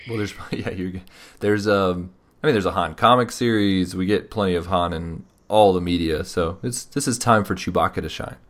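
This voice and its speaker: A man's voice: deep voice, moderate pace. A man co-hosting a casual podcast about comics, rambling with many fillers and restarts. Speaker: podcast co-host. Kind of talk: casual comic book review chat.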